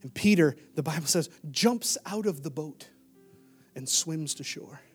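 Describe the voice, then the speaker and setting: A middle-aged male pastor preaching a sermon in a church, swinging from loud bursts to hushed near-whispers. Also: a little high, lively intonation, a little slow, breathy edge, soft background music. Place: church sanctuary.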